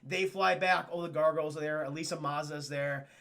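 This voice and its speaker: A young man retells a cartoon episode to his chat in a high, bright voice with plenty of gravel and fry. He swears freely and leaps up and down in pitch whenever he quotes a character, keeping it loose and animated. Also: fairly quick. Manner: animated, profane, swoops up and down the pitch when quoting characters. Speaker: cartoon reviewer streaming to chat.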